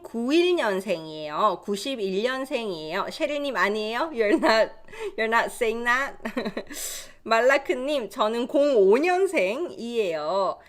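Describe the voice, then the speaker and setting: A woman in her thirties teaching Korean on a live stream, reading out viewers' comments and laughing often, slowing down to explain phrases. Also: a little high, fairly bright tone. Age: 30s. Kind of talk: live-stream language lesson.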